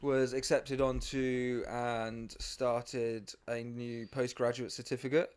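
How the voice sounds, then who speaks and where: A man's voice: medium pitch, level tone, slow, a little mellow, smooth. A young man, a psychiatric doctor guesting on a podcast, talks casually and earnestly, explaining topics at length with many fillers and restarts. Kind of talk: casual chat.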